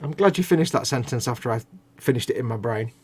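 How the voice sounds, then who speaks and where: A man's voice: medium pitch, lively intonation, fast talker, darkish tone, breathy edge. A man, co-hosting a live stream and trading dry jokes in casual banter. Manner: dry, wry joker. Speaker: co-host, regular guest.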